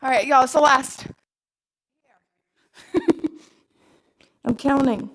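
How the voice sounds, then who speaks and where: A woman with a somewhat high voice coaches a live workout class in an indoor space. She is upbeat and encouraging and laughs often between cues. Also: steady tone, slow, a bit bright, poor audio. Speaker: fitness instructor.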